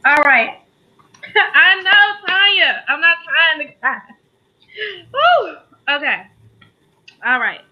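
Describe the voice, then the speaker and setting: A woman's voice: high voice, very animated, slow, long pauses, lo-fi sound. A woman co-host giving a heartfelt spoken tribute, fighting back tears as she talks. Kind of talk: emotional tribute in casual talk.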